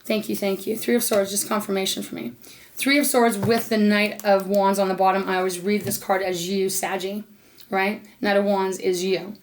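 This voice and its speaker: A woman's voice: mid-range voice, flat delivery, normal speed. A woman giving an unscripted tarot card reading, speaking earnestly straight to her listener. She grows emotional and protective as she talks, and now and then drops a casual swear word. Between cards she speaks aloud to Spirit. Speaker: tarot reader.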